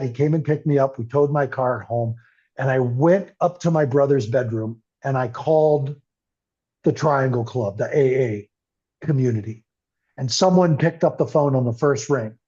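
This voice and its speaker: A man's voice: mid-range voice, normal speed, a little mellow, husky. Earnest older man, muffled recording. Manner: earnest, emotional storytelling. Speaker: podcast guest. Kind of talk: personal story in interview. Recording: muffled lo-fi audio.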